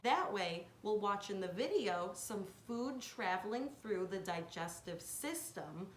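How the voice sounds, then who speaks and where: A woman giving a hands-on science lesson to children, explaining each step clearly and patiently. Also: mid-range voice, expressive, a little slow, slight background noise. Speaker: science teacher. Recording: echoey room.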